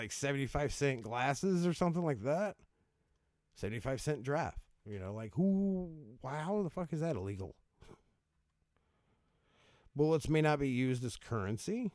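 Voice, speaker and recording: A man's voice: mid-range voice, a little mellow, no echo, studio quality. A man hosting a casual video, reading out laws and reacting with swearing, laughter and stumbles over words. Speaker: video host.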